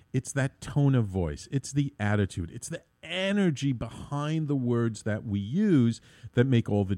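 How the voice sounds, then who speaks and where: A man's voice: mid-range voice, dark tone, dry recording, clean studio sound. A man hosting his own internet radio talk show, rambling with many fillers and restarts.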